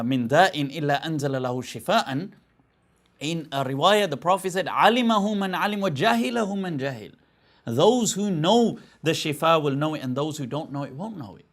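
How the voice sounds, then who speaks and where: Man lecturing, fairly high voice. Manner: conversational, restarts and repeats words, rhetorical questions. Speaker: Islamic scholar lecturing. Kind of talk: informal religious lecture.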